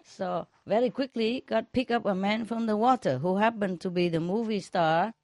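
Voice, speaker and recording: A woman, a spiritual teacher, telling jokes to a group in a slow, chuckling way, often checking whether her listeners follow. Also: medium pitch, a little mellow.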